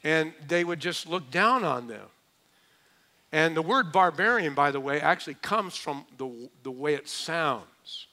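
Male pastor, middle-aged, fairly high and bright voice, chatty joking sermon delivery. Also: expressive, a little slow. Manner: conversational, joking asides with mimicked voices. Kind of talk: expository sermon.

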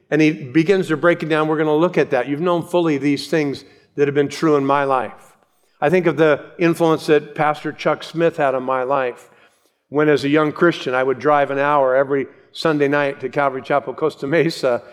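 An older man preaching an expository sermon as a pastor, earnest and emphatic, slowing down to read scripture aloud. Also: fairly high pitch.

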